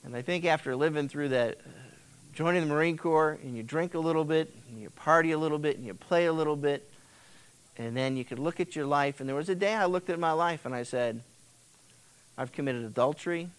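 A man's voice: fairly high pitch, brisk, clear, resonant tone. A middle-aged male pastor preaching a sermon in a conversational way, now and then acting out the voices of biblical figures, heard on an old cassette tape transfer.

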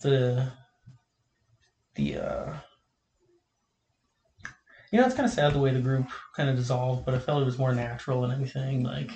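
A man's voice: medium pitch, normal speed, pauses often, darkish tone. A young man hosting a casual podcast, telling a rambling story with lots of fillers and laughs. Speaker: podcast host. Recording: echoey room with faint noise.

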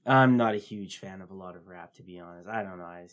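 A man's voice: sits low, fast talker. A man co-hosting a podcast, retelling scenes in casual chat and acting out the characters' lines. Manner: storytelling with acted-out quotes. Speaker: podcast co-host.

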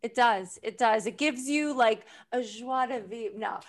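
A woman's voice: fairly high pitch, measured pace. A woman with a thick New York accent, telling stories bluntly and wryly in a casual chat. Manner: storytelling, blunt, wry. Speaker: guest.

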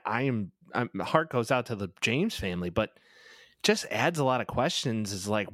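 A man's voice: fairly low pitch, dry recording, studio quality. A man co-hosting a sports podcast in a crude, rambling, joking way. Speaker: podcast co-host. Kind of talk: casual sports podcast chat.

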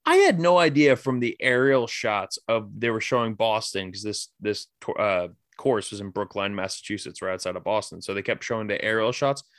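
A man's voice: lowish voice, a little fast, hardly any pauses, fairly bright tone, dry recording, clean studio sound. Profane, rambling man talking sports. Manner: loose, profane, rambling with lots of "like". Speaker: podcast host. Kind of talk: casual sports podcast chat.

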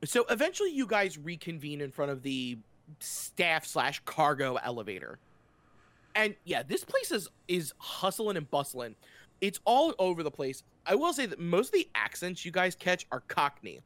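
A man with a slightly high voice runs a tabletop game, narrating the scene in a loose, chatty way. He talks in a relaxed, offhand manner, full of fillers and restarts as he fills in the details. The sound is dry and close, with no room echo. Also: moderate pace. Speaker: game master.

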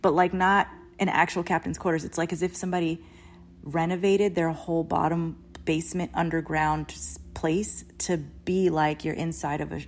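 A woman's voice: low voice, little pitch movement, moderate pace, slight background noise. Rambling woman telling a dream story. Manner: rambling, lots of "like" and restarts, swears casually. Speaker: podcast host. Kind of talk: casual storytelling monologue.

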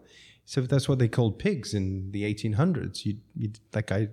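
A man's voice: on the low side, a little fast, dark tone, slightly rough. A man, a restaurant owner, telling rambling stories in a casual chat with lots of laughter. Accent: non-American English. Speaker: restaurateur guest.

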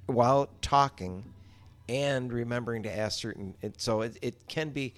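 A man's voice: medium pitch, moderate pace, faint music behind. A middle-aged man chatting casually as a podcast guest, rambling with many restarts and salty language. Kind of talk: casual chat.

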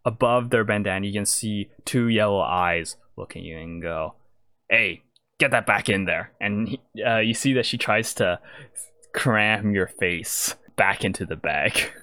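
Low-voiced man running a tabletop game. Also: no echo, clean studio sound. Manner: relaxed, halting with fillers. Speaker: game master.

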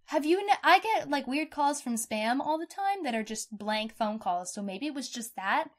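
A woman's voice: high-pitched, moderate pace. Outspoken woman podcast host. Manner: expressive, outspoken, swears casually. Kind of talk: casual true-crime chat.

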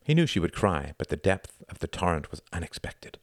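A man reading an audiobook in a measured, deliberate style. His voice sits very low. The recording is close and dry, with no room sound. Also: sing-song, no echo. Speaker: audiobook narrator. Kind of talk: scripted narration.

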